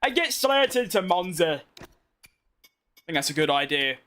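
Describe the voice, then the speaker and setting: A man's voice: sits high, big pitch swings, normal speed, fairly bright tone. A young British man chatting casually to himself and his viewers while playing a racing game, slangy and self-mocking. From Britain. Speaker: game streamer. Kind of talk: casual gameplay commentary.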